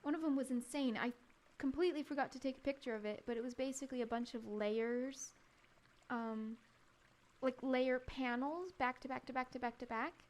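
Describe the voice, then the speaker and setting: A woman's voice: high voice, moderate pace. A woman streamer chatting casually over her travel photos, giggling often and rambling with frequent restarts. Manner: giggly, laughs often between remarks. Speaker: live streamer.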